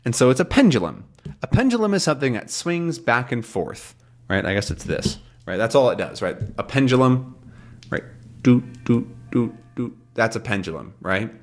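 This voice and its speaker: A male English teacher with a lively, expressive voice that moves up and down a lot. He talks casually, explaining words in plain terms for learners. He keeps stopping to check that they follow. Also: medium pitch, fairly quick, faint music behind. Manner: animated, checks in often with questions.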